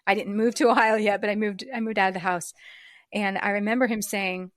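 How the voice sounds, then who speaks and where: A woman guest in an interview, telling a personal story reflectively, with frequent fillers and soft laughs. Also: mid-range voice, steady tone, brisk, no echo, clean studio sound. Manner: reflective, acts out remembered dialogue. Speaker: podcast guest.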